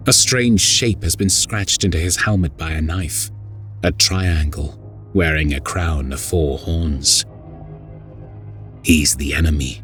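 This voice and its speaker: A man narrates a dark war story in the first person, his voice deep, slow and grave. Faint music plays softly underneath. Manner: grave and intense.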